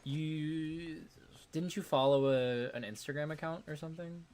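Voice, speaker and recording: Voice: mid-range voice, fairly even intonation, moderate pace, darkish tone. A channel host in casual chat, joking around with crude humor and frequent giggles.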